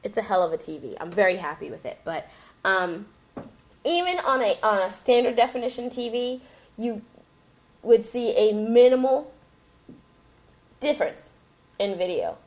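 A woman's voice: medium pitch, animated, moderate pace, pauses often, a little mellow. A woman co-hosting a casual chat, talking through a TV review with frequent ums. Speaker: podcast co-host reviewing a TV.

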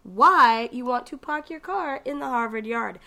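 A woman with a Boston accent co-hosting a casual podcast, brash and quick to swear and laugh. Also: on the high side, expressive, pushed and bright. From Massachusetts. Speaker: podcast co-host. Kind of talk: casual chat.

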